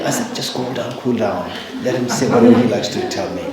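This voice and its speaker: A man, a Buddhist teacher, giving a dharma talk in a large temple hall, telling a personal story with halting restarts and bursts of emphasis. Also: mid-range voice, crowd noise. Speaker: Buddhist teacher leading a retreat. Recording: very echoey hall.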